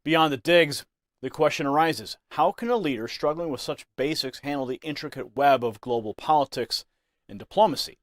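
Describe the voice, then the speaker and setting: A man's voice: a little high, normal speed, no room sound, studio quality. A man presenting scripted news commentary with a dramatic, emphatic delivery.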